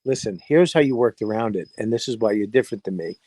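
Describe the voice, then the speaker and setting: A man co-hosting a podcast in casual chat, a profane, animated storyteller who acts out noises. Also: on the low side, quick pace, no room sound. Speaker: podcast co-host. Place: home in New Hampshire, crickets behind.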